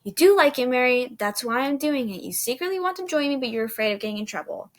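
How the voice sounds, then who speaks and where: A woman's voice: sits high, animated, fast talker, voice pushed up. A woman voicing a mischievous ghostly girl with a teasing, giggly manner in a storybook reading. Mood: taunting.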